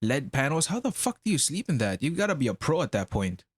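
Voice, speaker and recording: A man's voice: medium pitch, big pitch swings, fast talker, slightly rough, no echo. A man live-streaming in casual, rambling chat, swearing freely. He feels unwell and his nose is stuffy and running. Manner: profane, rambling.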